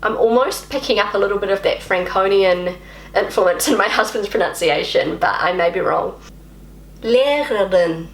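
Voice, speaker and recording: A woman's voice: mid-range voice, normal speed. Brief: chatty woman vlogger, native English speaker, self-mocking, in a roomy space. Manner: self-deprecating, chatty, repeats words while practising. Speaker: language vlogger. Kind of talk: casual talk to camera.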